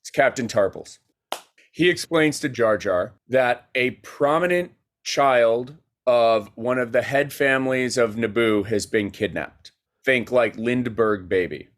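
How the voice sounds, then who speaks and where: A man, a guest filmmaker, telling a story in a casual podcast chat, animated and rapid with many fillers. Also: mid-range voice.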